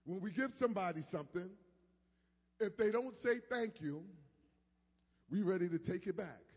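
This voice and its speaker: A male pastor, preaching a sermon that swings from soft asides to shouted peaks. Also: high voice, animated, normal speed, breathy edge. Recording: long hall reverb.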